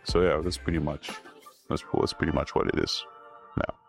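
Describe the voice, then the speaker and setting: Very deep-voiced man, relaxed. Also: moderate pace, creaky, soft background music. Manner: relaxed, laughs easily, explains step by step. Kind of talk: candid conversational interview.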